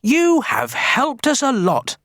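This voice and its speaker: A woman reading aloud, voicing a crowd of cross villagers who shout in high, drawn-out voices. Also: wildly swooping pitch, dry recording, studio quality, exaggerated voice. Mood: pleading.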